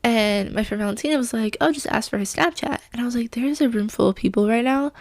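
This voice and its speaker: A woman's voice: fairly high pitch, fast talker, a little mellow, no echo. A young woman telling a story casually to camera, chatty and full of fillers, acting out what people said. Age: young adult. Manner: chatty, lots of fillers, acts out quotes. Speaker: vlogger.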